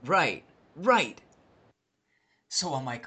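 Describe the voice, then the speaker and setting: A man casually telling a long, profane story, animated and acting out the people in it. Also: mid-range voice, moderate pace. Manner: animated, swears a lot, acts out quoted people.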